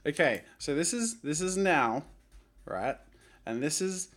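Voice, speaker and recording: Lively self-mocking man. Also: on the high side, unhurried, a little hiss or hum. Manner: self-mocking, restarting and laughing at himself. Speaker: host. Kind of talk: casual vlog chat.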